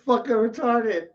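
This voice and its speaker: A man hosting a talk show, ranting crudely with heavy swearing, mocking asides and sudden loud outbursts. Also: very high voice, muffled recording. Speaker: show host.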